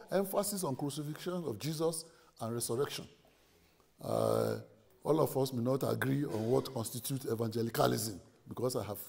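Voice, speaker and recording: A man's voice: a little high, creaky, a little mellow. A middle-aged man from Nigeria, giving an earnest, pleading conference address as a seminary leader and listing his points one by one. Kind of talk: formal conference speech.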